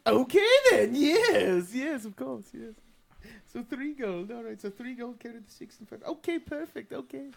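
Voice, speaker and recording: A flustered fantasy shopkeeper haggles over the price of dresses in a tabletop role-play, stammering and backpedalling, as a game master puts him on. The pitch rises and falls a lot, and a gravelly fry runs underneath it. The delivery is fussy and a little sly. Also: expressive, normal speed, a crowd in the background. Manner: flustered, stammering shop talk.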